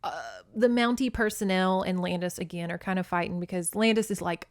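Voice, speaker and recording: A woman's voice: fairly low pitch, steady tone, fairly quick, few pauses, no room sound, clean studio sound. A young woman hosting a podcast, recapping a novel in a casual, chatty way with wry, sarcastic asides. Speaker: podcast host. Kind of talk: casual book recap with commentary.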